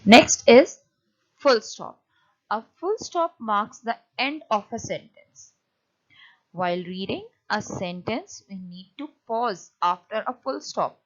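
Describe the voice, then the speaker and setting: A woman teacher giving a lecture on punctuation, often pausing and restarting as she explains. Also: medium pitch, animated, highs cut off. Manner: hesitant, many fillers and restarts while explaining.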